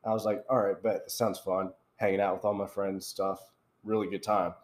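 Young guy on a podcast, animated, laughs a lot while telling stories. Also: fairly low pitch, normal speed. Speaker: podcast host. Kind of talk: casual storytelling chat.

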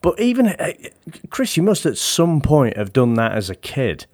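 A man's voice: medium pitch, wildly swooping pitch, moderate pace, darkish tone, no room sound, studio quality. A man co-hosting a podcast, chatting about a film in a laid-back way, laughing often and swearing casually. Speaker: podcast co-host. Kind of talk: casual film review chat.

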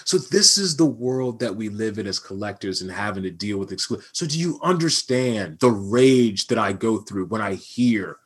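A man's voice: lowish voice, moderate pace, few pauses, breathy edge. A man co-hosting a podcast, ranting in casual banter with mock outrage. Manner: animated, mock-outraged ranting about collecting. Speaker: podcast co-host.

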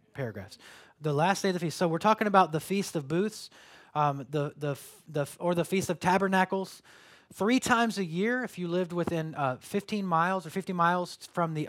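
A male pastor giving a sermon, telling stories with sudden loud bursts and quiet drops. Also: on the high side.

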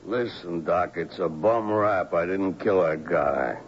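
A man's voice: takes it slowly, husky, heavily acted. An actor playing a confused alcoholic man, once a lawyer, who stammers and rambles. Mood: pleading. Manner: stammering, rambling, wandering pitch. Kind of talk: 1970s radio drama acting. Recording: slightly dull old radio recording with faint hiss.

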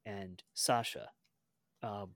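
A man playing a tabletop game, speaking formally and deliberately in character. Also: on the low side, steady tone, no room sound, studio quality. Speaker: player.

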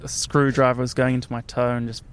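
A man's voice: mid-range voice, little pitch movement, fast, slight background noise. A man telling a story in casual chat, laughing often as he talks.

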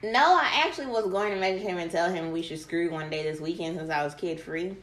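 A woman with a low voice talks casually about dating, keeping her replies low-key and brief. She is heard in an echoey room. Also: fast.

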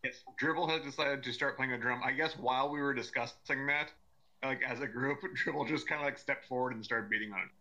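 A man's voice: mid-range voice, fairly quick, bright, forceful tone. A man playing a tabletop game, chatting in a casual, laid-back way. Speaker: player.

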